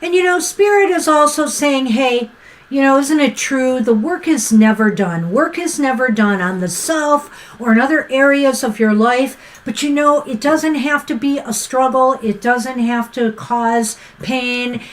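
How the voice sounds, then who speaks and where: Woman, tarot co-host, high voice, uplifting, chatty, many fillers. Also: a little slow, poor audio. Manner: warm-hearted, filler-heavy, many "you know"s. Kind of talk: casual live-stream tarot reading.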